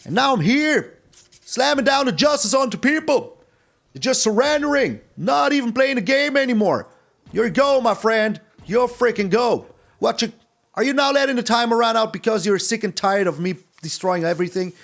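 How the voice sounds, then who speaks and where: A young man commentating his own gameplay in a playful, taunting way. His voice sits high for a man and leaps around constantly, dropping to low mutters and then jumping back up to excited bursts. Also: normal speed, vocal fry. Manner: playful, taunting, sing-song, swings between excited highs and low mutters. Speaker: game streamer.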